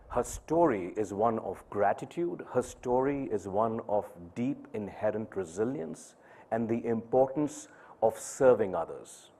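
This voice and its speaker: Measured man telling a personal story. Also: fairly low pitch, expressive, dark tone. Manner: measured, pausing for emphasis. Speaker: speaker at an event.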